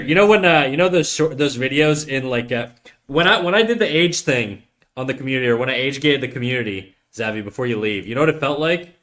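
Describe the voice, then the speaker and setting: A man talks to his viewers as he draws, in a loose and rambling way. He jokes around, restarts his sentences and wanders between drawing tips and asides. His voice sits at an ordinary middle pitch. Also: lively intonation, fast, fairly bright tone. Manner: rambling, self-interrupting, jokey. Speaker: streamer giving drawing tips. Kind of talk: casual livestream chat while drawing.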